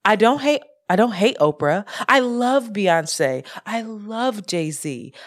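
A woman co-hosting a podcast, talking casually in a profane, animated rant about money and frustration. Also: medium pitch, takes it slowly. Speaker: podcast co-host. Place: lives in Brooklyn.

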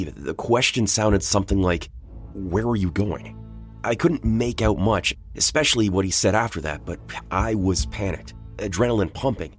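A man reading a first-person horror story aloud in a casual, conversational way, with blunt swearing. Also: fairly low pitch. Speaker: voice actor narrating a listener's story.

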